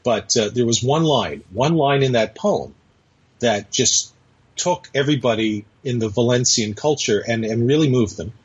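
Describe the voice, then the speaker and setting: Husky man telling a rambling story. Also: mid-range voice, lively intonation, moderate pace. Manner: chatty, rambling anecdote with hesitations. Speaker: podcast guest. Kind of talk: casual storytelling conversation. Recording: dull lo-fi audio.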